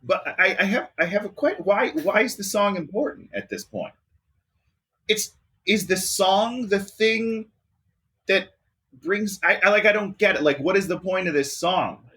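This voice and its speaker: List: podcast co-host, bright sharp tone, exasperated rant, lively pitch, swears. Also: unhurried. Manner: exasperated ranting, swears often. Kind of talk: casual movie review chat.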